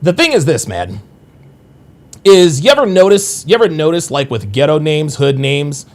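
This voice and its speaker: Man, forties, stream host, rambling, crude, swears a lot, pitch swoops up and down, fairly high voice. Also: sing-song, moderate pace. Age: 40s. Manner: rambling, repetitive, crude and profane; addresses viewers directly. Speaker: livestream host. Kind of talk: casual livestream commentary.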